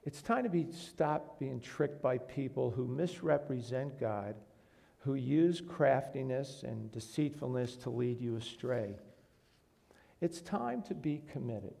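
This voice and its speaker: A man's voice: medium pitch, expressive, slow, vocal fry, warm tone. A man preaching a sermon to a congregation in a church, earnest, asking the room questions and rising to emphatic bursts. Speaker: pastor.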